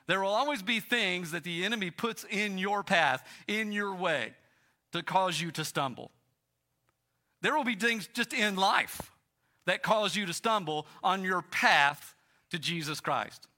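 Bright-voiced preacher man. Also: high-pitched, lively intonation, unhurried. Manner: storytelling, emphatic repetition. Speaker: pastor. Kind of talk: sermon.

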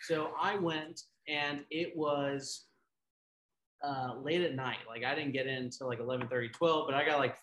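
A man co-hosting a casual podcast, telling a story in an animated way. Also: medium pitch, normal speed, slight background noise. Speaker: podcast co-host. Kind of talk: casual chat. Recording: roomy echo.

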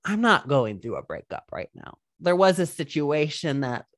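A young man spins a story on a casual podcast, swooping up and down in pitch and breaking into giggles as he goes. His voice sits in a middling register, and the sound is close and dry with no room around it. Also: normal speed, no echo. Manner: animated, giggly storytelling with many fillers. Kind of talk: casual chat.

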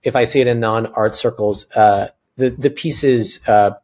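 A man's voice: mid-range voice, moderate pace, a little mellow. A man hosting a podcast. He talks earnestly and casually, with many restarts and fillers. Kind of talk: casual conversation.

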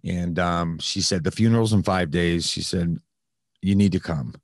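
A man's voice: low-pitched, moderate pace, no room sound, studio quality. A man telling a candid personal story in casual conversation, with frequent fillers and some swearing. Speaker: podcast host, guest telling his recovery story.

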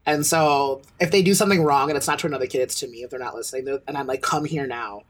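A man's voice: mid-range voice, fairly even intonation, racing. A man co-hosting a podcast in casual chat, talking bluntly and heatedly and swearing freely. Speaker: podcast co-host.

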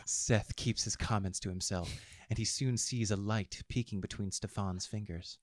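A man narrates a story with wry, expressive timing. His voice sits on the low side and the sound is close and dry, with no room around it. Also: normal speed, no echo. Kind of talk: audiobook fiction narration.

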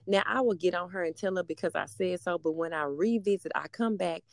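Here a thirty-something mother of a middle-school girl rambles casually, leaning on many fillers. Her voice sits on the low side and she speaks fairly quickly, with no room sound in the recording.

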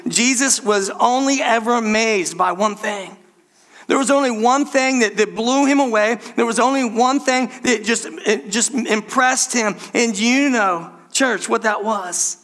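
A man's voice: high voice, moderate pace, fairly bright tone. A man preaching a sermon, speaking emphatically and calling out to the congregation. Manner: emphatic, repeatedly addresses the congregation. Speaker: pastor.

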